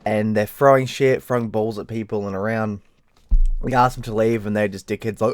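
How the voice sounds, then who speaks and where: A tired Australian man rambles through a story in a casual vlog, swearing freely and mimicking people in high voices. His intonation is fairly even, his pace a little fast, and the recording has no echo.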